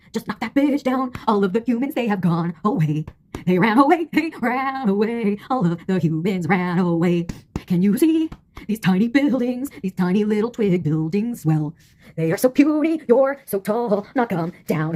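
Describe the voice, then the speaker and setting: A woman's voice: medium pitch, a little mellow, a little hiss or hum, natural voice. A woman voicing an unhinged female villain who taunts and goads a giant, swearing and breaking into singsong. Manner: erratic, swearing, singsong outbursts.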